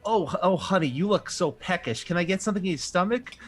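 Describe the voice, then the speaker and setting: A woman's voice: lowish voice, expressive, fast talker, soft background music, pitched above the performer's own voice. A man voicing a doting, chatty middle-aged mother with a Minnesotan accent in a tabletop game. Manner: fussy, sing-song.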